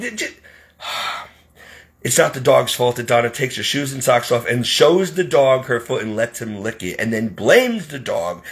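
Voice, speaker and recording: A man's voice: mid-range voice, fairly bright tone. A man venting as a caregiver in an indignant, exasperated monologue. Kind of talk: ranting monologue.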